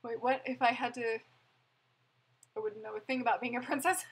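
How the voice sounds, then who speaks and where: A woman's voice: a little high, fairly even intonation, a little fast, husky, poor audio. A young woman chatting casually on a live stream, rambling and laughing as she answers viewers' questions. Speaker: vlogger answering live chat.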